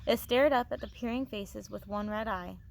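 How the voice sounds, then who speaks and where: A woman teacher reading a novel aloud to her students, expressive, with small restarts, on a phone. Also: mid-range voice, moderate pace, vocal fry.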